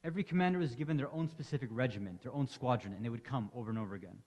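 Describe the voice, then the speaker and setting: A man's voice: mid-range voice, very fast, a little mellow. A man delivering an impassioned Muharram sermon to a congregation, telling the story with rising emotion. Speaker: lecturer. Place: large hall at an Islamic center. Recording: long hall reverb.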